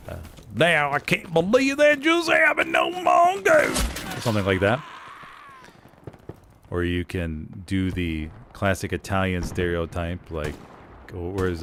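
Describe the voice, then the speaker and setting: A man's voice: sits low, background noise. A man streaming a shooter game, chatting in a rambling, easygoing way and laughing at himself. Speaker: streamer and voice actor. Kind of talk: casual chat while streaming a shooter game. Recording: loud game gunfire and artillery behind.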